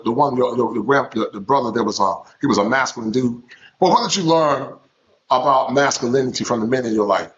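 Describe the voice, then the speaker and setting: A man talks quickly in a preaching style, firing off rhetorical questions. His voice arrives over a dull, lo-fi call line. He drives each point home. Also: medium pitch, a bit bright. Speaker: guest on a live stream. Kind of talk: preachy conversational commentary.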